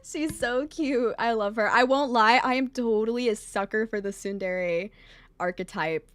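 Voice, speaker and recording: A woman streaming a game, her voice high and bright, bursting into gushing squeals. She talks casually, rambling and correcting herself as she goes, in a dry, close sound. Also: moderate pace, clear, resonant tone, no echo. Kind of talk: casual live-stream chat over a game.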